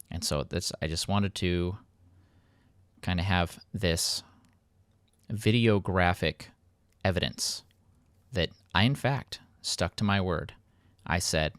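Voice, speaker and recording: A man's voice: deep voice, slow, long pauses, a bit bright, no room sound. A man hosting a casual gameplay commentary, rambling and poking fun at himself. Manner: rambling, self-mocking, playful. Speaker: let's play host.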